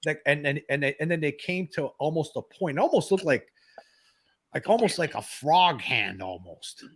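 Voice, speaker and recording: A man's voice: fairly high pitch, animated, normal speed, fairly bright tone, slightly rough. A man in his fifties, a guest, recounting a personal experience with many restarts and repeats.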